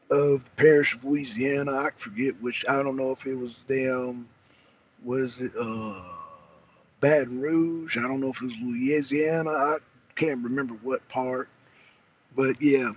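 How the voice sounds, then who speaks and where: A man's voice: mid-range voice, fairly even intonation, a little slow, breathy edge, lo-fi sound. A man hosting a political talk show, giving casual, emphatic commentary and talking straight to his chat, often repeating himself.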